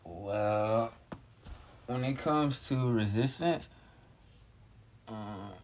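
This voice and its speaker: A young man who is a guest on a casual podcast, speaking in a low-key, hesitant way and often clearing his throat. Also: a little mellow. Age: young adult.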